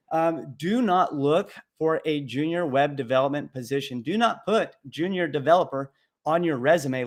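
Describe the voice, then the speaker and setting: Blunt joking man hosting a coding Q&A. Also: fairly high pitch. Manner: blunt, joking, rambling with fillers. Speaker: livestream host answering coding questions. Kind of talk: casual live Q&A.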